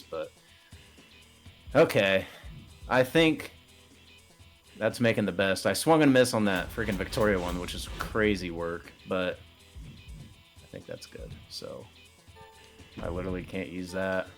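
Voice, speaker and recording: A man's voice: deep voice, moderate pace, pauses often, faint music behind. A man chatting casually while playing a game, thinking aloud about his next moves. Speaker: gamer. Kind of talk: casual gaming chat.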